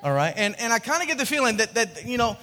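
High-voiced male preacher in an echoey hall. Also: sing-song, fast, sharp tone. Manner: conversational, repeats words, asks the congregation questions. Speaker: pastor. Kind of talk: sermon.

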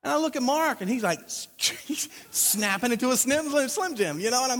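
Very high-voiced preaching man. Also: normal speed, in a large hall. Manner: animated, joking storyteller. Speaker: pastor. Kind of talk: sermon with storytelling.

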